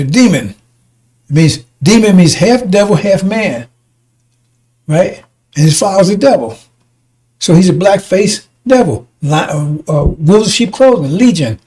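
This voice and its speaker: A man's voice: high voice, animated, normal speed, a little mellow, breathy edge, rough recording. A man preaching in a combative, rambling way, often breaking off to ask "see?". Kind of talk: fiery preaching broadcast.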